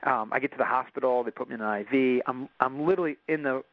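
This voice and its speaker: A man's voice: medium pitch, fast, no room sound. Earnest man telling a personal story. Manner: earnest, with many restarts. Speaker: guest. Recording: dull dry recording.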